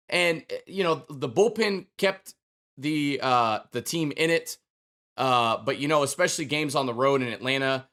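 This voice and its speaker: A man's voice: a little high, fairly bright tone. A man hosting a casual sports podcast, talking through his thoughts in a conversational way. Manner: conversational, thinking aloud with fillers. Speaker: podcast host.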